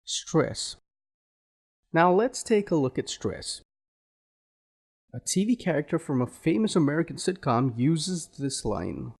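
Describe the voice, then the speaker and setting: A man teaching a spoken English lesson as an accent coach, explaining slowly and deliberately and acting out example phrases. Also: fairly high pitch, sing-song, gravelly, breathy edge.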